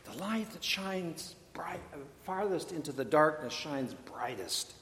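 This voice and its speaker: A male pastor preaching a sermon in a deliberate, measured way, with touches of dry humor. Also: on the high side, big pitch swings, fairly bright tone, slight background noise. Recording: echoey hall, long reverb.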